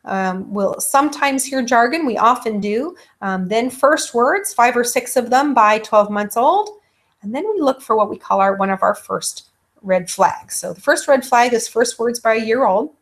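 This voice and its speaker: A woman's voice: on the high side, expressive, moderate pace. A woman giving a recorded lecture, with many ums, who stops to act out baby sounds herself.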